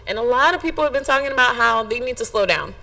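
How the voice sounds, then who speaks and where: A woman's voice: on the high side, animated, fast, gravelly, bright, forceful tone, poor audio. A young adult woman hosting a podcast, talking frankly and emotionally straight to her listeners. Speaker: podcast host. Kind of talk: candid podcast monologue.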